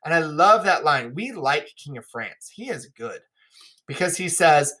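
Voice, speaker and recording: Male teacher, casual and chatty, bright voice. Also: fairly high pitch, very animated, measured pace. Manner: casual, chatty, frequent "right?" asides. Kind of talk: lesson explaining a play.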